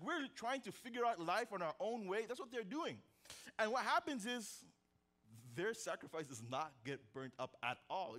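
A young pastor with a high, light voice preaches a sermon, telling the story with energy. He swings from near-hushed to loud again and keeps throwing casual, joking asides to the congregation.

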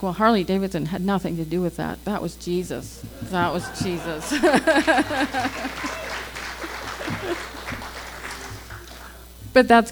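A woman recounts her faith stories in an easy, conversational testimony style. She slips into the voices of the people in her tales as she quotes them, filling the telling with "like" and quick asides. Her pitch sits at an ordinary middle height for a woman. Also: darkish tone, poor audio. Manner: acts out quoted dialogue, chatty with many "like"s. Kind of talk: casual testimony storytelling.

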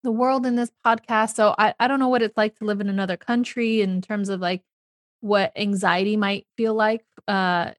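A woman's voice: medium pitch, fairly even intonation, moderate pace, dry recording, clean studio sound. A woman who hosts a podcast and works as a therapist, asking questions casually with many fillers and restarts. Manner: hesitant, filler-heavy questions.

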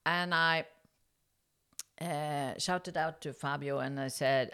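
A middle-aged woman from Norway, guesting on an interview, recounts a story in English in a deep voice at a measured pace. She speaks casually and haltingly with many fillers and restarts, becoming animated as she acts out the dialogue.

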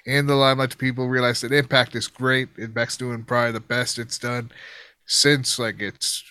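Bright-voiced man in a casual chat. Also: mid-range voice, flat delivery, moderate pace, smooth, no echo, studio quality. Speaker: podcast co-host.

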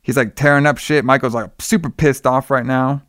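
A man's voice: medium pitch, steady tone, a little fast, a bit bright, dry recording, studio quality. A man casually retelling a film's plot with lots of fillers and swearing. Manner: loose, profane retelling with many fillers. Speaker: podcast co-host recapping a film. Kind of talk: casual chat.

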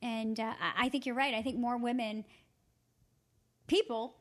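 A woman co-hosting a podcast, talking earnestly about classic films, often halting and restarting her sentences. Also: a little high, steady tone. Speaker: podcast co-host. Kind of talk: casual film discussion.

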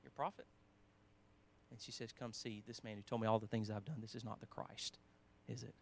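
A man preaching a sermon in a conversational way, with restarts, quoting scripture, swinging between emphatic lines and quiet asides. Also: fairly low pitch, fairly even intonation, a little fast, creaky, slight background noise.

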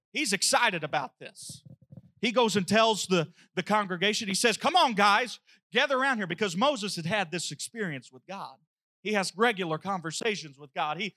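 A man preaching a sermon, telling a story with lively acted-out dialogue. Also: sits high. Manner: animated storytelling, acting out dialogue.

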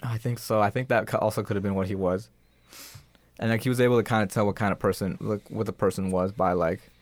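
A man's voice: lowish voice, fairly even intonation, fast, no room sound. A young man in casual podcast chat, rambling through his points with many fillers. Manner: rambling, lots of fillers and restarts.

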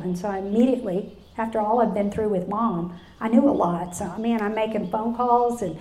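Speaking a little fast with few pauses, this woman in her fifties shares a live personal testimony at a women's luncheon, addressing the crowd directly in an earnest, storytelling way. Her voice is medium-pitched and dark, with fairly even intonation. A roomy hall echo surrounds her, and a live audience fills the large space.

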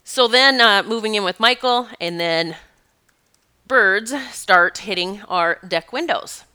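Bright, crisp-voiced woman telling stories. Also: mid-range voice, takes it slowly. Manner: animated, emphatic, laughs often. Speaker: spiritual teacher. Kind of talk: casual storytelling monologue.

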